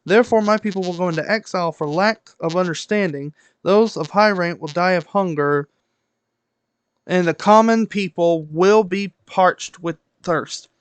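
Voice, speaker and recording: A man with a high voice reads scripture aloud on his stream, tripping over words and starting them again as he goes. The sound is dry and close, with no room around it. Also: smooth, no room sound. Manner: reads aloud with stumbles and self-corrections. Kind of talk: casual Bible reading on stream.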